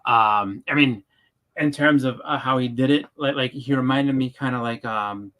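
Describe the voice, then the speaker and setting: A man with a thick Boston accent, co-hosting a podcast in casual chat, talking in quick, stumbling bursts full of fillers. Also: mid-range voice, dull audio. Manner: rapid, stumbling delivery with many fillers. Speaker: podcast co-host.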